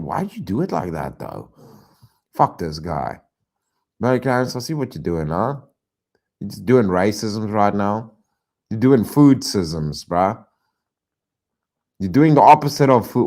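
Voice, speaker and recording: A man streaming reaction commentary, exasperated and loud, repeating himself and swearing often. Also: lowish voice, sing-song, measured pace, long pauses.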